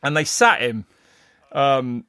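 A middle-aged man, a race commentator, telling stories in casual chat, rambling and animated with many restarts. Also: medium pitch, takes it slowly, clear, resonant tone, no room sound, studio quality. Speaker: mountain bike race commentator. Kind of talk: casual podcast storytelling.

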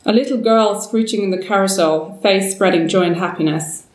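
A woman with a mid-range voice reads a story aloud from a storybook in a measured, steady way. The recording sounds roomy, with a distant mic.

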